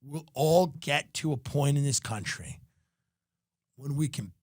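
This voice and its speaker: A man with a high, reedy speaking voice rants through a sardonic comedy monologue, recorded close and dry. He is a podcast host, and his ranting style keeps breaking into bursts of mock shouting. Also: a little slow, no echo.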